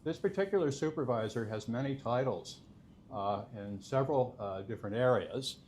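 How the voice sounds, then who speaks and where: A man's voice: mid-range voice, moderate pace, darkish tone, a little hiss or hum. A man presenting a technical conference talk, explaining step by step with frequent filler sounds. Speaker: conference speaker.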